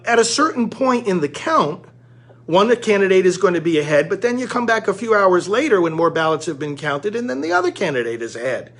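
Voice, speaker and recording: A man's voice: sits high, fairly bright tone. A man from the United States giving an emphatic, lecturing monologue to viewers, repeating key words to drive his point home. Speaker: commentator.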